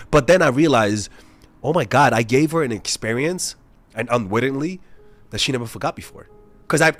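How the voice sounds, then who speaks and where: A young man, a dating coach, talking casually and bluntly to camera, swearing freely and telling stories with animated energy. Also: mid-range voice. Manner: blunt, profane, animated storytelling.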